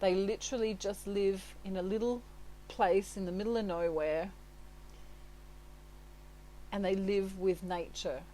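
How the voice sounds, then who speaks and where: A chatty woman talks through a tarot reading at a middle pitch, like a relaxed one-on-one chat. She sounds reassuring, often breaks into laughter and keeps checking in with little tags. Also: unhurried, pauses often, slight background noise, poor audio. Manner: leans on tags like "right?" and "you know". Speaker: tarot reader. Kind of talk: casual spoken tarot reading.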